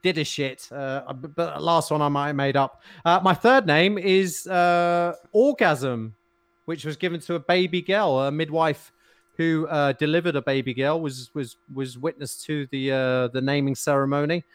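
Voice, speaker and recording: A man's voice: on the high side, clear, resonant tone, no echo. Chatty man with a dry close sound. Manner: chatty, halting with fillers, crude humour. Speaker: podcast co-host. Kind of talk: casual banter.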